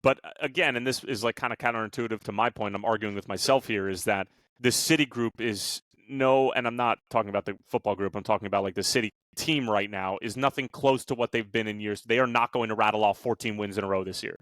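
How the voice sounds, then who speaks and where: A man's voice: fairly low pitch, fairly even intonation, quick pace, fairly bright tone, no room sound. A man co-hosting a sports podcast, ranting with energy and swearing, firing off rhetorical questions in heated casual chat. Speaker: podcast co-host, Liverpool fan. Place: podcast studio.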